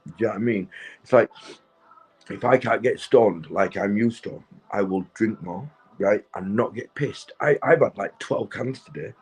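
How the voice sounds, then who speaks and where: A middle-aged man, drunk and high, rambling and swearing to his livestream viewers from his sofa at home. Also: moderate pace, a little mellow, slightly rough, low-quality recording. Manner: rambling, swearing, keeps asking "do you know what I mean". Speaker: livestream host. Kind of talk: rambling casual livestream chat.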